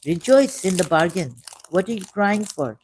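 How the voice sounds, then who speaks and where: A woman from Pakistan giving a digressive personal monologue, dropping to soft asides and rising to emphatic outbursts while repeating phrases. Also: lowish voice, animated, normal speed, slight background noise. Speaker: ex-Muslim speaker sharing his views.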